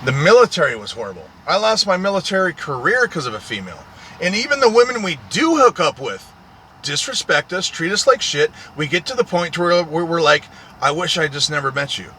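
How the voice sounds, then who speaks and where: A man who drives a truck rants in a profane, repetitive, aggrieved monologue. His voice is bright and sharp, with pitch that swings up and down a lot. Faint street and vehicle noise sits behind him. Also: very animated, fairly quick. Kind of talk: ranting monologue.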